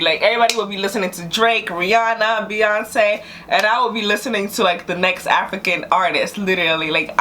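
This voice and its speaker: A young woman from New York City chatting as a guest, animated and boastful, talking in quick bursts. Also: medium pitch, slight background noise. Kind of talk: casual chat.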